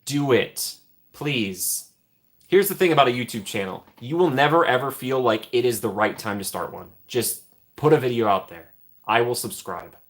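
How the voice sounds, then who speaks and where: A young man talks casually on his live stream, answering viewers in a relaxed, chatty way. He laughs a lot and his voice often drops to a quiet mumble at the end of a thought. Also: medium pitch, moderate pace. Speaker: livestream host.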